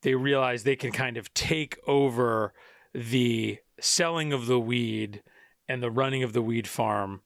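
A man's voice: medium pitch, steady tone, measured pace, vocal fry, fairly bright tone, no room sound, clean studio sound. A man hosting a casual film podcast, rambling through plot summaries with many restarts and fillers. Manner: rambling, full of restarts and "you know". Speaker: podcast host.

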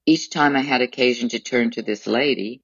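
A man narrating a memoir audiobook in a measured, formal storytelling manner. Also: medium pitch, a bit bright, slightly rough, no room sound, lo-fi sound.

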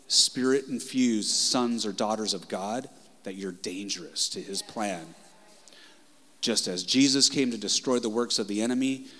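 A man's voice: fairly low pitch, in a large hall. Passionate male pastor preaching. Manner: passionate, conversational, swings loud and soft. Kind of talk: sermon. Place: church sanctuary.

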